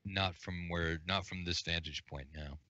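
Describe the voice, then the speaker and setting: Relaxed low-voiced man running a game. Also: measured pace, no echo. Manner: relaxed, chatty, thinking aloud with fillers. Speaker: game master. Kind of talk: running a tabletop game over a call. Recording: dull, dry lo-fi sound.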